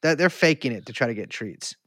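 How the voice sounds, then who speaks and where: A woman's voice: very deep voice, expressive, fairly quick, a bit bright, no echo, clean studio sound. Rambling, foul-mouthed woman podcast host. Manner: profane, rambling, bursts into mock accents. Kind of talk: casual comedic chat.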